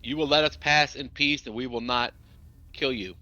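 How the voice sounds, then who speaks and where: A man playing a tabletop game, negotiating calmly and deliberately in character. His voice is bright and tense, and it comes through a dull, lo-fi microphone. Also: mid-range voice. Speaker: player. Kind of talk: tabletop role-play. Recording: dull lo-fi mic.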